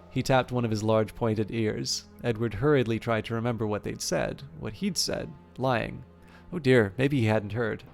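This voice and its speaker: A man reading a book aloud during a game playthrough, steady with occasional slips and asides. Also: medium pitch, normal speed, gravelly, faint music behind. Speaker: let's play narrator.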